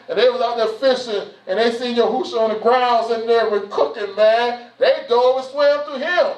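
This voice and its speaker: A man's voice: very high-pitched, normal speed, hardly any pauses. A man speaking as a church elder in an informal, folksy address, repeating himself and saying "you know" and "man" often. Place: church hall. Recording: roomy, distant, dull sound.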